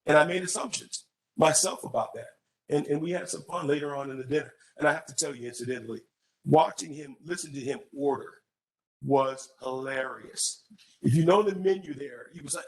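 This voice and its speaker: A man who is a candidate at a public college forum, answering an audience question with an animated story, often repeating words as he restarts. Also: a little high, a little fast, rough recording.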